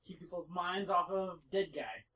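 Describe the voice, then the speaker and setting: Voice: medium pitch, animated, moderate pace, a crowd in the background. A player at a tabletop game, chatty and joking, often hesitating over words. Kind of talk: casual tabletop game chat.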